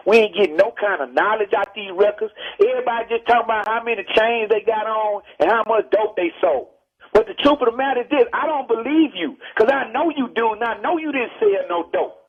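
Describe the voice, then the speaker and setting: A man's voice: extremely high pitch, brisk, husky. Blunt man on a muffled phone. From Texas. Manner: forceful, lecturing, blunt. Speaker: rapper interviewed by phone. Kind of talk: heated radio phone interview. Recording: muffled archival phone call.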